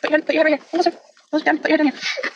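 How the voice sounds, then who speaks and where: A woman's voice: high voice, level tone, very fast, voice pushed up. A woman in a played clip giving insistent, repeated orders to a child. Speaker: parent in an archived clip. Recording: dull clip with faint noise.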